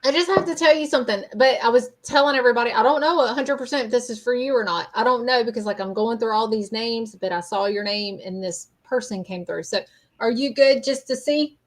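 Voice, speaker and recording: A woman talks through a live-streamed reading. Her voice sits a little high, and she rambles, hesitates and fills gaps as she goes. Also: a little fast, a little hiss or hum, low-quality recording. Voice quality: chatty, rambling, hesitant with fillers. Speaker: psychic medium host. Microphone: streaming mic.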